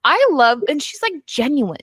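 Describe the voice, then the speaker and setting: Bright, lively high-pitched woman. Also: moderate pace, breathy edge, no room sound. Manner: expressive, excited reactions. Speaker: book club podcast co-host. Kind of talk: casual book recap chat.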